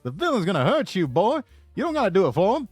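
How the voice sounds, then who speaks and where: A man puts on a loud, pompous old cartoon rooster with a put-on Southern drawl, lecturing and stammering "I say, boy". The voice sits higher and louder than his own and swings widely in pitch. The sound is close and dry. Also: wildly swooping pitch, fast, breathy edge, dry recording, soft background music, full character voice. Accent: American Southern (put on).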